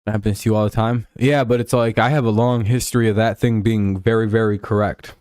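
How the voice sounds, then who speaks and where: A man's voice: fairly low pitch, steady tone, fairly quick, a little mellow, smooth, dry recording, studio quality. A man streaming live, talking football in a rambling, profane way with lots of fillers and restarts. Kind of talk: casual live-stream sports chat.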